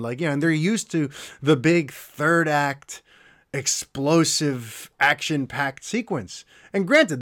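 A middle-aged man hosting a podcast, telling a story in a casual, animated and emotional way, like an enthusiastic fan. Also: on the high side. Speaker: podcast host.

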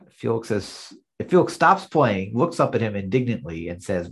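A man's voice: fairly low pitch, expressive, moderate pace, breathy edge. A man co-hosting a podcast, recapping a sitcom episode in casual chat and acting out the lines as he narrates. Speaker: podcast co-host.

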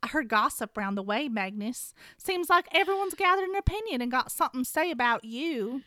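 A woman's voice: high voice, lively intonation, brisk, pushed and bright, no room sound, clean studio sound. A woman doing a drawling Southern woman warrior. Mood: teasing. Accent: put-on American Southern.

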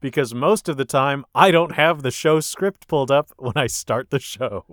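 A man's voice: mid-range voice, normal speed, fairly bright tone, no room sound, clean studio sound. A man co-hosting a casual comedy podcast, joking and laughing often as he talks. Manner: jokey, laughs often while talking. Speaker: podcast co-host.

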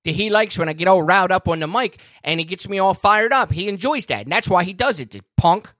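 A man's voice: high voice, lively intonation, quick pace, a bit bright, no room sound, clean studio sound. A man, a podcast regular, ranting in a fired-up, cursing way during a casual chat. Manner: fired up, ranting, swears freely.

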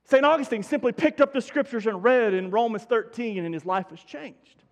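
High-voiced folksy pastor preaching. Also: male voice, moderate pace, long reverb tail, muffled recording. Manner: folksy, self-deprecating, many restarts. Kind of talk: sermon. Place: church sanctuary.

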